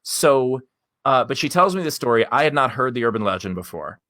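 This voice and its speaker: A man's voice: medium pitch, big pitch swings, a little fast, pushed and bright, a little hiss or hum. A male comedian telling a long story on a podcast in a candid, rambling way and swearing casually. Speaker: guest comedian.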